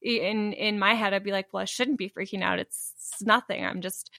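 A woman's voice: mid-range voice, fairly even intonation, moderate pace, creaky, pushed and bright, dry recording, clean studio sound. A woman talking candidly in a casual conversation, laughing often and restarting her sentences.

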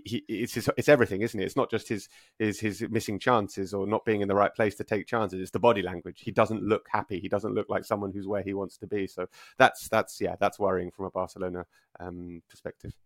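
A football podcast co-host with a lowish male voice, recorded dry and close. He tells stories with energy, circling back with "uh" and restarts as he goes. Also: fairly quick, no echo. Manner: lively storytelling, frequent "uh" and restarts. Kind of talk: casual football podcast chat.

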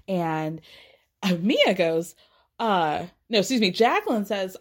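A woman chatting casually as a podcast host, retelling drama in a sarcastic, animated way and swearing freely. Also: medium pitch, a little slow. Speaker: podcast host recapping a reality show. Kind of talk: casual chat.

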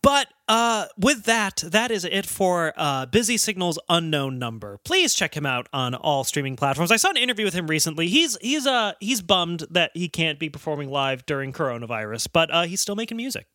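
A man's voice: fairly high pitch, very animated, brisk, few pauses, bright, forceful tone, dry recording, clean studio sound. A man co-hosting a casual podcast, joking around and laughing, then wrapping up the episode. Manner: jokey, chuckling, sign-off patter. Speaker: podcast co-host.

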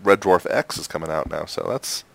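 A man's voice: sits low, a little fast, gravelly, a bit bright, dry recording. An American man co-hosting an interview, jokey, laughing often. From United States. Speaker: podcast co-host. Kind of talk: casual interview chat.

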